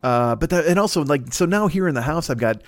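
A man's voice: a little high, animated, a little fast, a little hiss or hum. A man hosting a comedy podcast, rambling through a profane, self-interrupting rant. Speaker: podcast host.

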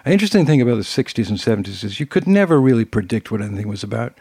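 An older man with a British accent, co-hosting a casual chat and telling anecdotes in an animated way. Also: mid-range voice, very fast, husky, no echo, studio quality. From Britain. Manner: storytelling, animated asides. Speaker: co-host.

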